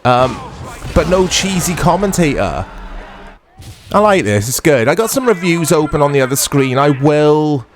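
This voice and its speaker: A man's voice: on the high side, lively intonation, moderate pace, slight background noise. A man hosting a retro gaming channel, giving chatty, self-deprecating commentary to viewers as he plays. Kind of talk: casual gameplay commentary.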